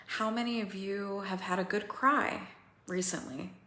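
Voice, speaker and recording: A woman coaching other women through a feeling practice, slow and pausing, candid and swearing now and then. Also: medium pitch, fairly even intonation, sharp tone, reverberant. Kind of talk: guided emotional coaching talk.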